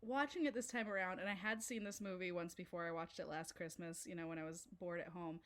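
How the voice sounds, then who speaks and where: A woman co-hosting a podcast, chatting casually about a film, animated and laughing as she mimics characters. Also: on the low side, quick pace. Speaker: podcast co-host. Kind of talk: casual film-review chat.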